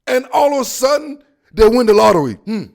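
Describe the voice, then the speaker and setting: A man hosting a sports podcast, ranting in a loud, rowdy, mocking way full of slang. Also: very high-pitched, lively intonation, fairly quick, creaky. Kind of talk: animated sports rant. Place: near a team facility in the Seattle area.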